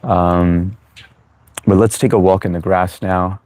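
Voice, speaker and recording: A man's voice: low-pitched, steady tone, takes it slowly, a little mellow, no room sound. An American-born man hosting a live chat Q&A, chatty and reassuring, with many fillers as he answers viewers. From United States. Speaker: livestream host. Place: New York.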